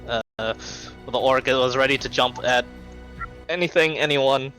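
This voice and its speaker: Bright-voiced man running a tabletop game. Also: medium pitch, measured pace, faint music behind, low-quality recording. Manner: rambling narration full of ums and restarts. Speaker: game master.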